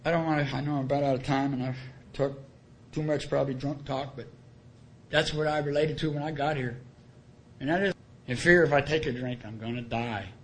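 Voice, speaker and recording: A man's voice: medium pitch, steady tone, brisk, fairly bright tone, a little hiss or hum. A man sharing his personal story at a recovery meeting, earnest and colloquial, often repeating his key phrases. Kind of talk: plain-spoken personal testimony.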